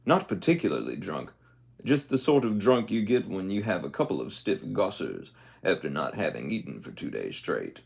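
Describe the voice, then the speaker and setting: Male reader, deep gravelly voice with a lively, swinging delivery; casual read-aloud with joking asides. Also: moderate pace. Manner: reads aloud, then breaks off with joking comments. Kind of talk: casual book reading with asides.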